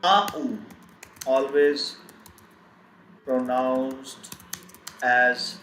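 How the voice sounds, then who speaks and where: A man teaching a live online German lesson, speaking slowly and repeating each word several times. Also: medium pitch, flat delivery, sharp tone. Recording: echoey room, faint background noise.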